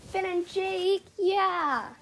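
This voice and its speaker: A young woman casually chatting to herself while playing a game and watching videos, excitable and slangy, swinging between loud outbursts and quiet mutters. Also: very high voice, drawn-out words, slight background noise, low-quality recording. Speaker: vlogger. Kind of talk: casual gaming commentary.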